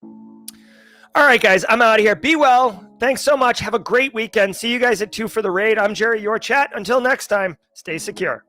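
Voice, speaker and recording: A man with a Massachusetts accent hosting a casual livestream chat, joking and animated as he talks to his viewers. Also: high-pitched, moderate pace, soft background music. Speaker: livestream host.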